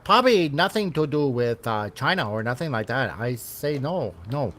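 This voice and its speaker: A man's voice: medium pitch, lively intonation, moderate pace, fairly bright tone. A man hosting a casual podcast, reading gaming news with rambling, self-correcting sarcastic asides. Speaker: podcast host.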